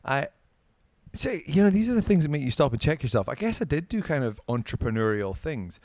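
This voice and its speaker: A man's voice: fairly high pitch, sing-song, brisk, a little mellow, no room sound. A man with a Scottish accent, a podcast guest telling stories in casual chat, swearing and self-mocking. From Scotland. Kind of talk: casual storytelling.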